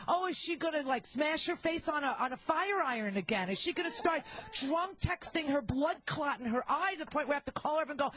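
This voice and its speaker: A woman hosting a radio talk show, bantering casually with a brash, teasing manner and quick laughs. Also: high-pitched, expressive, fairly bright tone.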